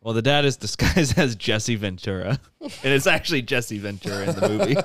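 A podcast host with a fairly bright, mid-range voice casually recaps a comedy movie. He laughs often as he retells it.

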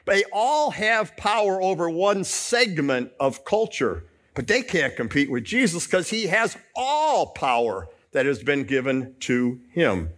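A man's voice: a little high, sing-song, unhurried, hardly any pauses, a bit bright. A man pastor preaching a Lenten sermon, asking the congregation rhetorical questions.

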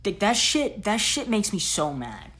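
A woman's voice: mid-range voice, sing-song, measured pace, a bit bright. A woman hosting a solo podcast, giving blunt, profane, slang-heavy tough-love talk. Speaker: podcast host.

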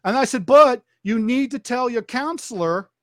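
A high-pitched man with lively intonation recounts a tale at a moderate pace during an easygoing podcast, acting out what people said. Frequent restarts and repeated phrases mark his speech, recorded close and dry without echo.

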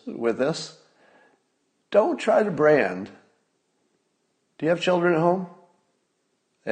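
A man's voice: mid-range voice, a little mellow. A man hosting a solo podcast, talking casually in a wry manner, with asides and restarts. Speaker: podcast host.

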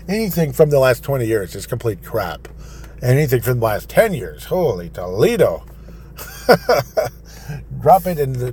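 A man's voice: medium pitch, a little mellow, slight background noise. A man hosting a solo talk show, reading news items aloud and ranting sarcastically, laughing at his own jokes. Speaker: podcast host. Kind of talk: opinionated solo commentary.

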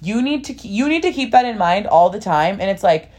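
A woman's voice: medium pitch, big pitch swings, a little fast, darkish tone. A young woman co-hosting a podcast, talking candidly in a rambling, filler-heavy way. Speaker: podcast co-host. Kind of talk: casual chat.

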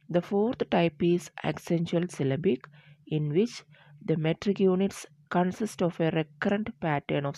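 A woman with a low, deep voice gives a lecture, reading her material aloud at a steady, deliberate pace. She stumbles and restarts now and then. The sound is dry and close, with no room echo. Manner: steady, deliberate delivery with small slips and restarts. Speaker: teacher. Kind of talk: lecture on poetic meter, reading from notes.

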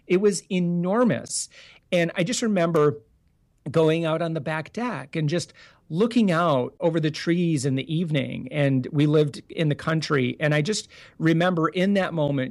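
An earnest man with a fairly high voice, answering interview questions in a loose, rambling way. He restarts sentences often and leans on fillers as he talks through his story. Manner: earnest and animated, full of restarts and "you know". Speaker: podcast guest, business founder. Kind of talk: casual interview talk.

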